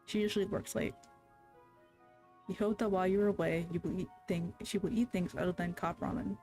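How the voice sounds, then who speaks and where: A streamer reading a story game's narration aloud in a measured, even way, with small self-corrections. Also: mid-range voice, soft background music.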